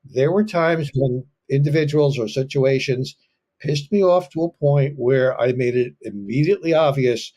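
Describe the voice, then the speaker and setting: A man who serves as a fire officer, a guest in an interview, speaking calmly with halting restarts. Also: medium pitch. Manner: calm and measured, with halting restarts. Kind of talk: casual interview talk.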